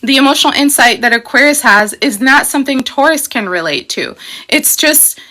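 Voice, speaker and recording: A woman's voice: high-pitched, lively intonation, moderate pace, pushed and bright. A woman hosting a casual astrology talk, explaining in a chatty, emphatic way with frequent "you know" and "okay?". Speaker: astrology host.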